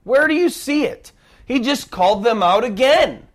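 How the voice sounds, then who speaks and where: A man preaching a sermon as pastor, emphatic, dropping to a hush and rising to near shouts. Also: very high voice, animated, moderate pace.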